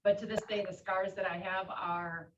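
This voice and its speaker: A woman's voice: mid-range voice, steady tone, moderate pace, fairly bright tone. Hesitant woman on a distant, muffled line. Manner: hesitant, heartfelt. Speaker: coaching call participant. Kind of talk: sharing a personal story on a call. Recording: distant muffled audio with faint hiss.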